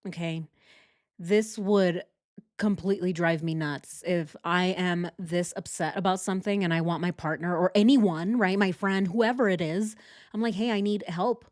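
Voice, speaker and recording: A woman's voice: fairly low pitch, steady tone, moderate pace, a little mellow, dry recording, studio quality. Sarcastic woman reacting to true crime texts. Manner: sarcastic, exasperated. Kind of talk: true crime commentary reading text messages.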